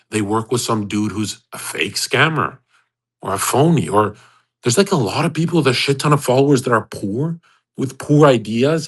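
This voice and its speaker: Brash, profane man ranting. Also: medium pitch. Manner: brash, profane, swaggering, mocking. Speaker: host of an online audio chat. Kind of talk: ranting monologue. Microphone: online voice chat.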